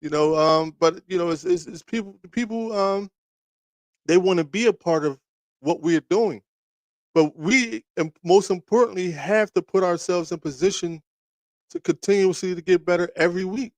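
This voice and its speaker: Rambling trash-talking sports host, slightly high voice. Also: male voice, moderate pace, no room sound. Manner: rambling, animated, trash-talking with many restarts. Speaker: sports talk livestream host. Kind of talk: casual sports talk to live chat viewers.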